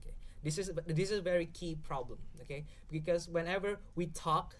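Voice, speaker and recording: In casual podcast talk, a young adult male guest with an Indonesian accent explains his points at a brisk clip. His pitch is fairly high, and he keeps tossing in "okay?" to check in.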